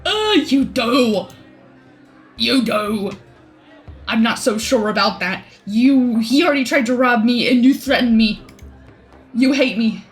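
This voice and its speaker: A young adult woman streaming a story game, reading it aloud and joking through animated reactions. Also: a little high, moderate pace, faint music behind. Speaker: streamer reading a visual novel.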